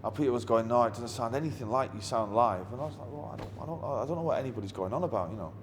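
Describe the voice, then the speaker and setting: Racing through his stories, a middle-aged male musician with a medium-pitched voice gives an interview full of blunt, wry humor and heavy swearing. Long reverb and faint ambient noise color the recording.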